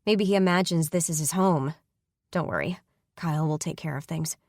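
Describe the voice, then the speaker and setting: A woman's voice: low voice, normal speed, darkish tone, no room sound, clean studio sound. A woman voicing an impatient, protective older sister who talks in a brusque, irritated way in an audiobook. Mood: annoyed. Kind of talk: audiobook character voice.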